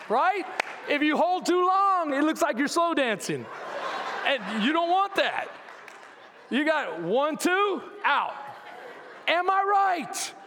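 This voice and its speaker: A male pastor preaching a sermon in a church, talking in an animated, conversational way and calling out to his congregation. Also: very high-pitched, slight background noise. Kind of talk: lively sermon. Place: church sanctuary. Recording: long reverb of a church hall.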